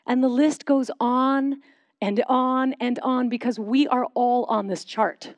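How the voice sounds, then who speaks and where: Woman pastor, higher voice, measured sermon leading silent prayer, dry close sound. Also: steady tone, no echo. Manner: measured, slowing into soft reflective pauses.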